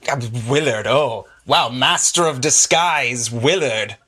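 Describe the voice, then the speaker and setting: A man's voice: medium pitch, lively intonation, takes it slowly, sharp tone, full character voice. A man voicing a small, intense kobold who speaks bluntly. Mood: tense. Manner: blunt, pushy.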